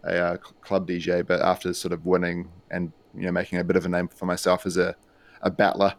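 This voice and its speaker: Deep and gravelly, the voice belongs to a New Zealand DJ and music producer who talks briskly as a guest on a podcast. His casual chat is relaxed and rambling, packed with fillers.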